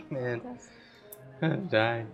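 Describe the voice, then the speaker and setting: A man running a tabletop game as game master, narrating in a slow, measured way and laughing often. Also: mid-range voice, sharp tone.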